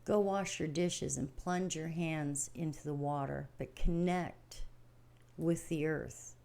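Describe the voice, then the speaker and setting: Speaking slowly in a low, warm, creaky voice with fairly even intonation, a middle-aged woman rambles through a casual spiritual talk for her livestream audience. She's folksy and plain-spoken, repeats herself, and laughs a lot.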